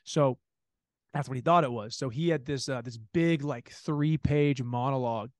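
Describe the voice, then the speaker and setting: A man's voice: medium pitch, moderate pace, darkish tone, dry recording. A man co-hosting a podcast, chatting casually and animatedly about a movie, swearing and mimicking the people he talks about. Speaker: podcast co-host.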